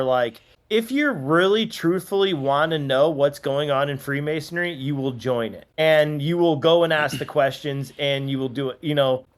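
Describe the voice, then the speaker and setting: A man with a fairly high voice talks in a loose, animated podcast chat. He keeps dropping "dude" and "you know" as he goes. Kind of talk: casual chat.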